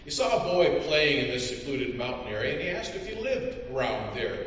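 A man preaching a sermon as pastor, measured and full of rhetorical questions. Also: medium pitch, sing-song, fairly bright tone. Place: church. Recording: echoey church hall from far off, dull.

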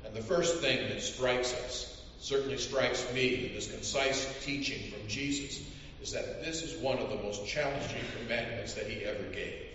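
A man preaching a sermon as pastor, measured and full of rhetorical questions. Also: mid-range voice, a bit bright, a little hiss or hum. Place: church. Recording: echoey church hall from far off, dull.

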